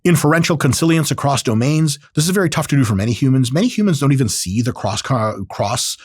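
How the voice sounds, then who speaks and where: Brief: male podcast host in his thirties, lively swooping delivery, close dry mic. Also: mid-range voice, fast, breathy edge, no room sound. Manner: animated, acts out quoted voices, profane asides. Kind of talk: casual monologue on technology.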